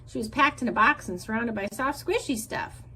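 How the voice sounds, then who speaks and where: A woman's voice: a little high, moderate pace, bright, forceful tone, slight background noise. A woman voicing a chatty, friendly big female otter in a storybook reading. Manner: cheerful, talkative.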